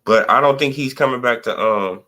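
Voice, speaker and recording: A man's voice: medium pitch, normal speed, sharp tone. Man, livestream host, casual commentary, slangy, profane, rambling.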